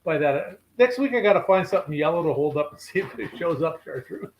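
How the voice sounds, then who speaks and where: A man's voice: on the high side, lively intonation, fast, poor audio. Joking older canadian man. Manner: joking, rambling storyteller. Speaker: fishing guest. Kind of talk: casual chat.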